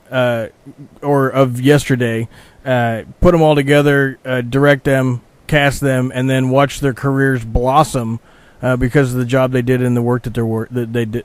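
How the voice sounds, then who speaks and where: A man's voice: mid-range voice, no room sound. A man hosting a radio interview, asking questions in a friendly, rambling and hesitant way.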